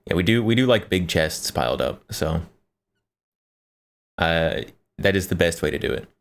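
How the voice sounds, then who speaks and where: A man's voice: sits low, lively intonation, normal speed. A man streaming live, reacting to a video and chatting jokingly with his viewers. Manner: joking, laughs often, talks to chat. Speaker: livestreamer. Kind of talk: casual reaction stream chat.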